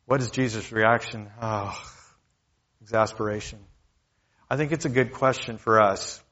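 A man's voice: medium pitch, fairly bright tone. Conversational male preacher, slightly muffled. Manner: conversational preaching, repeats key lines. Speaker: pastor. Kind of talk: sermon.

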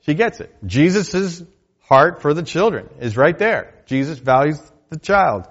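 A male pastor delivering a sermon, moving between loud declarations and quiet, hushed asides. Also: a little high, expressive, unhurried, muffled recording.

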